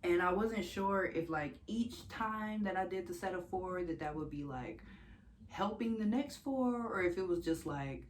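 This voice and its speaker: A woman's voice: medium pitch, lively intonation, moderate pace, slight background noise. A young woman from the United States telling her own story in a casual, candid vlog, swearing freely and laughing often. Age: young adult.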